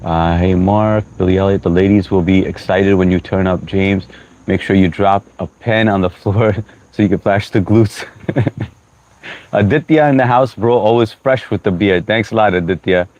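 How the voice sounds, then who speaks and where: A man's voice: sits low, fairly even intonation, normal speed, a little mellow, muffled recording. Sleepy young man hosting a livestream. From United States. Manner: friendly, greets chatters by name, mixes in Hindi phrases. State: short on sleep. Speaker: livestream host. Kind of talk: casual livestream chat greeting viewers.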